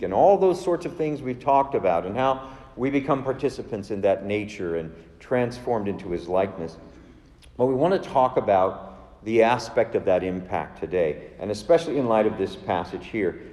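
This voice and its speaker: A male preacher delivering a sermon with emphatic repetition of key words. His voice is mellow and relaxed. It echoes through a roomy church hall with a long tail. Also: medium pitch. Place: church sanctuary.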